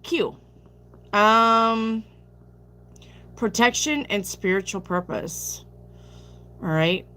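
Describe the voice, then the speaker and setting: A woman's voice: on the high side, very slow, long pauses, pushed and bright. A woman reading tarot on a live stream, chatting casually, reading viewer questions aloud and answering them bluntly, sounding sleepy. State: sleepy, yawning.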